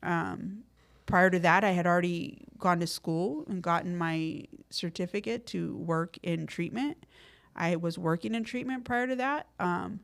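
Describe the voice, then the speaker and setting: With a lowish, creaky voice and a measured pace, the middle-aged woman guesting on a podcast shares her story in casual street slang full of fillers. Acting out quotes makes her lively.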